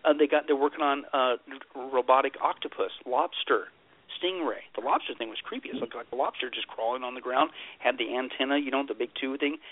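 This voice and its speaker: Man, pastor as interview guest, husky voice, emphatic, jokey, tinny phone sound. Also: mid-range voice. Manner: emphatic and joking, repeats punchlines. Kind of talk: animated interview storytelling.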